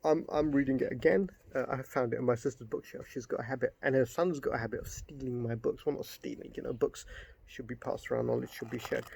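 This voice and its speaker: Gravelly man ranting in a vlog. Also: mid-range voice, steady tone, fast, a little mellow. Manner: rambling, gets worked up and swears. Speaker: book reviewer. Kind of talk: casual spoken book review.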